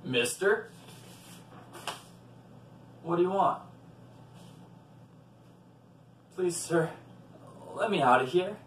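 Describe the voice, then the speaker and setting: A man voicing a furious, blustering male devil who shouts threats. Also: high-pitched, lively intonation, slow, heavily acted. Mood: pleading. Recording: roomy, from a distant mic.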